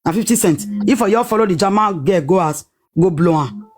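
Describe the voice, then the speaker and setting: A woman with a Nigerian Pidgin accent telling a personal story in a lively, dramatic way, acting out what people said. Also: mid-range voice, a little fast, faint music behind. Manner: animated, dramatic retelling with acted-out quotes.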